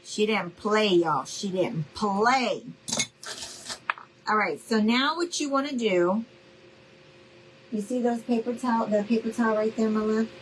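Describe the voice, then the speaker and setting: A woman's voice: on the high side, moderate pace, slight background noise, rough recording. A woman hosting a live crafting demonstration, chatting with viewers, saying y'all and asking okay? as she works. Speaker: craft tutorial host.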